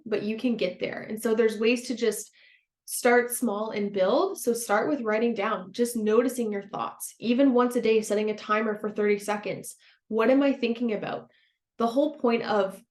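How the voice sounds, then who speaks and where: A woman hosting a self-help podcast, a former counselor talking in a gentle, encouraging way and laughing easily. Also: mid-range voice. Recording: roomy echo.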